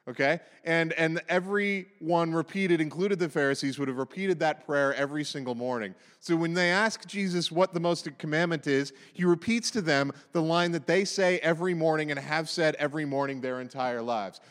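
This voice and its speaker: A man preaching to a congregation in a relaxed, conversational style, breaking into animated asides as he retells the story. His voice sits a little high. The sound carries a long reverb from a large hall. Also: fairly quick, few pauses. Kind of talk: sermon.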